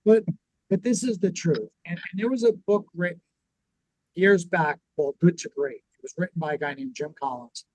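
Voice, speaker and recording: A man co-hosting a business talk show, teaching in a lively conversational way and acting out what people would say. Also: sits high, normal speed, dry recording, rough recording. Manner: animated, acts out quoted reactions. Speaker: podcast co-host.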